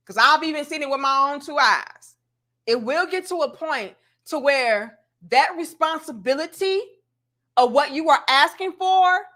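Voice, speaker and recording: A woman with a high voice hosts a casual commentary show. She talks in a bright, sharp tone and lectures her viewers emphatically. She speaks straight at the audience.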